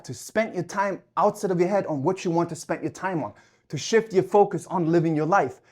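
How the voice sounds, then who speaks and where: A life coach delivers a fervent motivational talk between sets at the gym. The voice sits at a middle pitch, pushing hard on key points and swearing for emphasis. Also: dark tone, slightly rough. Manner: talks while working out at the gym.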